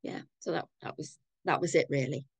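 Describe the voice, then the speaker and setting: An older woman with a Manchester accent, giving a thoughtful, measured personal account on a video call. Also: low voice, slightly rough, no room sound, muffled recording. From England. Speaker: community participant.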